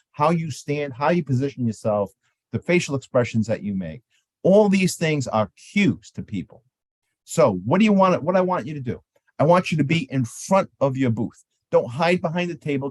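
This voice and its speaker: A man's voice: medium pitch, no echo. A man giving a casual seminar talk on trade show manners, often acting out sample conversations with booth visitors. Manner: animated, acts out sample exchanges in lively voices.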